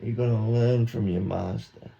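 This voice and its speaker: A man, a YouTuber, giving a mock hypnosis monologue with slow, repetitive, coaxing instructions. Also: on the low side, fairly even intonation, creaky, warm tone. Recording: dull lo-fi recording.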